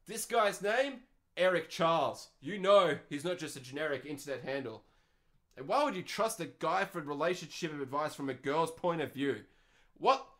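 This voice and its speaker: A man's voice: a little high, a bit bright. A man in his twenties with an Australian accent, hosting a podcast and ranting in a sardonic, profane way. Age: 20s. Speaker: podcast host. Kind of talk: casual podcast rant.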